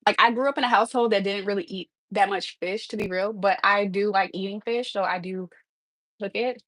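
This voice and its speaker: A woman chatting casually on a livestream from her kitchen, calling her viewers "y'all" and laughing between thoughts. Her voice sits at an ordinary middle pitch and is recorded close and dry, with no room echo. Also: steady tone, a little fast, fairly bright tone. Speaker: livestream host. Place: home kitchen.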